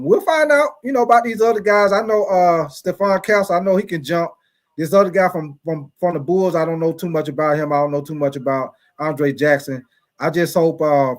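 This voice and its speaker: A man hosting a casual sports talk livestream, chatty and repetitive, calling out viewers from the chat by name. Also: on the high side. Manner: chatty, repeats phrases, talks straight to chat viewers by name; playful mock-preacher asides.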